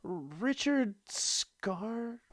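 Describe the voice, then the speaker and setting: A man's voice: very slow, a bit bright, no echo, clean studio sound, heavily acted. A man doing a panicky stammering intern. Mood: nervous pleading. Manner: stammering, pleading, flustered ad pitch. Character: panicky young male intern pitching acne cream. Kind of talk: comedic fake commercial skit.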